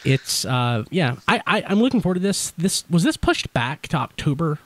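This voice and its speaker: A man hosting a podcast in casual chat, talking fast and blurring his words together, wide awake and energized. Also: a little high, sing-song, fairly bright tone. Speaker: podcast host.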